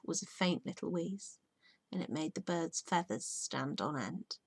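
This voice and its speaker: Teacher reading a children's storybook. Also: female voice, low-pitched, animated, a little slow, gravelly, slightly rough, dry recording. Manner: soft storybook reading, often hushed. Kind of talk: reading a children's book aloud.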